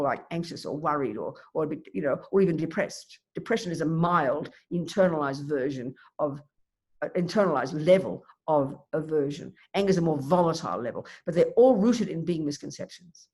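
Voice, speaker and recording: Woman, Buddhist teacher, emphatic and lively, restarts mid-thought; dharma class. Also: low-pitched. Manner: emphatic, animated, thinks aloud with restarts.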